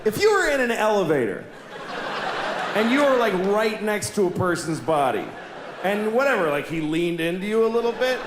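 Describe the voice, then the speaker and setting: A male stand-up comedian rants in a self-mocking way, his voice high and leaping up and down in pitch. He bursts into shouts now and then. The live take sounds roomy and echoey over a clear layer of background noise. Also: sing-song, moderate pace.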